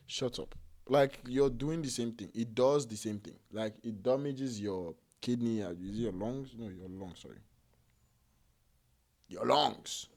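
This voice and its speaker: A man talks through his reaction to clips in a loose, casual way, stopping and restarting often. His voice sits at an ordinary middle pitch, and he fills his pauses with "like" as he works out what he wants to say. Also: darkish tone. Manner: rambling, halting, with fillers and self-corrections. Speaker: reaction video host.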